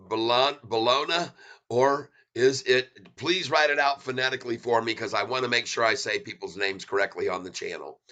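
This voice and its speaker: Excitable man hosting a stock livestream. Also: medium pitch. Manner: excitable, rambling, chuckles often. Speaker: stock market livestream host. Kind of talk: casual livestream chat with viewers.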